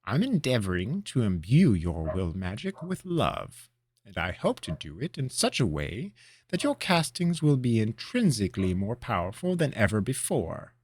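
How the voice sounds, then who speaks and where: A man playing a gruff, impatient old mage. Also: fairly low pitch, wildly swooping pitch, moderate pace, heavily acted. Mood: instructing. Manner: curt, irritable, dismissive.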